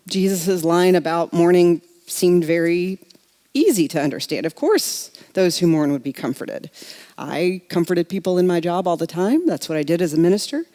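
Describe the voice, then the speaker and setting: Reflective woman minister with a mellow voice. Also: lowish voice. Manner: reflective, conversational, addresses the congregation directly. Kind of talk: sermon. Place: church sanctuary.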